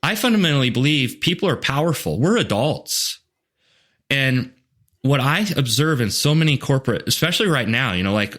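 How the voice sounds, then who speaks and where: A man's voice: medium pitch, sing-song, moderate pace, fairly bright tone. Man, leadership coach, podcast guest, earnest, chatty, acts out quotes, heavy fillers. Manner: earnest, storytelling, many "like" and "you know" fillers; voices quoted people in asides. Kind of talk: conversational podcast interview.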